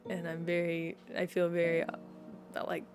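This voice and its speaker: A woman's voice: on the low side, monotone, normal speed, music in the background. A young woman streamer chatting casually with her viewers, talking in a rambling, heartfelt way.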